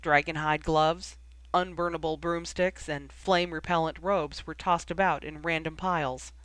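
A man narrates a story in a steady, even reading voice, pitched a little high. The recording is close and dry, with no room echo. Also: moderate pace, clear, resonant tone. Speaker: audiobook reader. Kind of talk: fan fiction audiobook narration.

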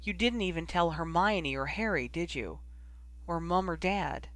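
A man's voice: a little high, expressive, a little slow, a bit bright, no room sound. A man voicing a determined young witch who pleads through tears. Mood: pleading.

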